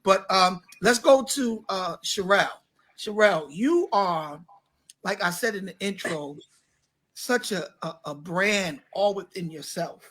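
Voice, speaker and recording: Bright, high-voiced pastor hosting a chat. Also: male voice, lively intonation, measured pace. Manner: hype, enthusiastic introductions with slang. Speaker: pastor and show host. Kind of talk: casual online interview.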